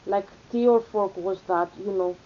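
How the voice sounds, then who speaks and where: Speaking at a normal speed in a steady, medium-pitched voice, a young vlogger from Greece with an Athenian accent rambles casually, full of fillers and restarts. The audio is lo-fi.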